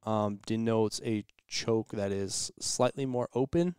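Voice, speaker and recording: A man's voice: fairly low pitch, slow, darkish tone, smooth, no echo, clean studio sound. A man as a podcast guest in casual chat, explaining step by step and murmuring agreement.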